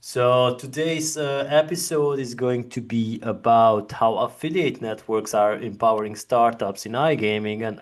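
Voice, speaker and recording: A man moderating a virtual industry panel from an office, chatty and prone to restarting his sentences. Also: mid-range voice. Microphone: video call.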